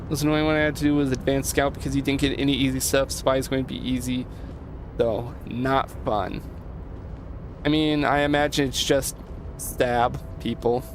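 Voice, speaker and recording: A man's voice: medium pitch, steady tone, moderate pace, slight background noise. A man streaming a game, rambling in a loose, casual way and swearing now and then.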